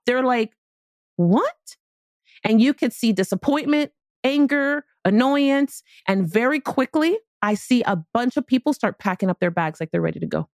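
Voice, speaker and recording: A woman podcast host tells a motivational story from her own career, animated and full of casual slang. Her voice sits a little high. The recording is dry and close, with no room sound. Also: dry recording. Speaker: podcast host and business speaker.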